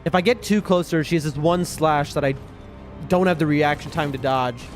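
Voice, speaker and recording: A man streaming gameplay live. He talks to his chat with excitable, jumpy commentary, yelping at big moments and muttering in between. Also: on the high side, fairly quick. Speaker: gaming streamer. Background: game music.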